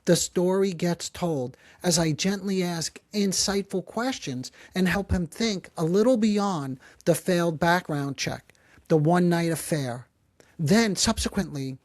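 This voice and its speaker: A man hosting a psychology podcast, who explains calmly and gently and slows down to stress key phrases. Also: sits high, no room sound. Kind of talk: calm explanatory talk.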